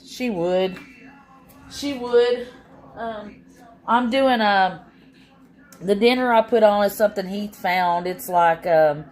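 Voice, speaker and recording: A woman's voice: medium pitch, darkish tone. A woman, chatting casually and rambling with her live-stream viewers from home, worn out after a long day. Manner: rambling, drawn-out, tired.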